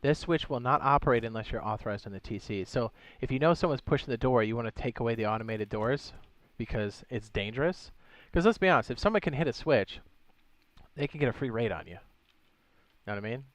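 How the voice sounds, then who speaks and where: A man's voice: medium pitch, fairly quick, no echo. A young man casually chatting on a gaming livestream, thinking aloud as he builds and greets viewers. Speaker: streamer.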